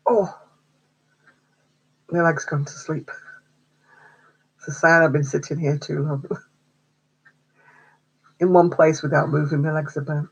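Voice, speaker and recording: Husky chatty woman livestreaming. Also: low voice, steady tone, unhurried, pauses often, dull audio. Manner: chatty, laughs often, answers comments. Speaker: craft livestream host. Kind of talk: casual chat with live viewers.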